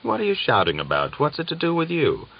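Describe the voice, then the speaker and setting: A man's voice: fairly high pitch, wildly swooping pitch, fairly quick, vocal fry, muffled recording, pitched above the performer's own voice, heavily acted. A man voicing a cold, menacing cavalry soldier who speaks curtly and sneers. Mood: sneering. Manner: curt and sneering.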